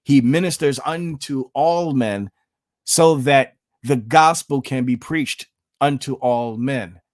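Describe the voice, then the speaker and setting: A man's voice: medium pitch, no echo, studio quality. A man giving blunt, sarcastic reaction commentary, peppered with "okay?" and "you know", sliding into a preacher's tone when he cites scripture. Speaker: online commentator.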